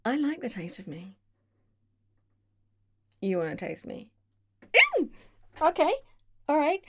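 Slow, gravelly British woman. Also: a little high, big pitch swings, a little mellow. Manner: breathy, moaning, often dropping to a whisper. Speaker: audio performer. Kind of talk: intimate audio role-play.

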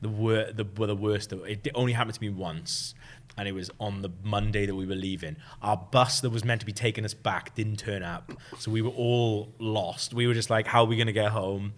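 Male podcast host, slightly low voice, rambling anecdotal delivery. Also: steady tone, fairly quick. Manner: rambling storyteller, lots of fillers. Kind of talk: casual podcast chat.

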